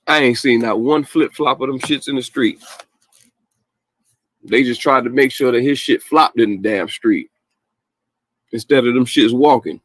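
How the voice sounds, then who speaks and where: Man, podcast host, casual rant, blunt, heated, slangy, mid-pitched voice, dry close sound. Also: unhurried, pauses often, no echo, rough recording.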